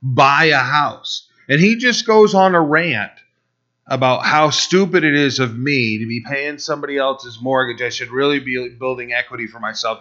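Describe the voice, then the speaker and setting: Bright-voiced preacher telling a story. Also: male voice, medium pitch, moderate pace. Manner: animated storytelling, acting out quoted voices, frequent restarts. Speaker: pastor. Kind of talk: conversational sermon with personal story. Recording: dull, slightly lo-fi sound.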